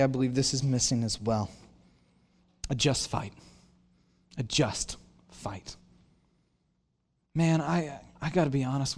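A man preaching a sermon as a pastor, telling stories with animated acted-out dialogue and self-deprecating humor. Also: mid-range voice. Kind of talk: storytelling sermon. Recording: long hall reverb.

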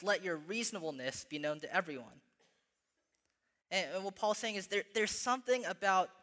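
A man's voice: a little high, sharp tone, long reverb tail. A young man preaching a sermon to his church, earnest, often repeating words and restarting as he goes. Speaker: pastor.

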